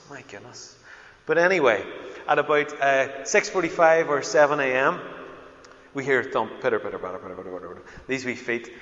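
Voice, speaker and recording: Middle-aged Northern Irish man, pastor, emphatic sermon, dull roomy hall sound. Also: medium pitch. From Northern Ireland. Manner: emphatic, swings between loud proclaiming and quiet intimate storytelling. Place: church hall. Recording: dull, echoey hall recording.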